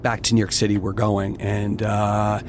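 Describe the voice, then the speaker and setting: A man's voice: lowish voice, normal speed, noisy background. Frank middle-aged man telling his story. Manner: candid, animated, swears freely. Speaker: interview guest, distillery owner. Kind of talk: casual storytelling interview.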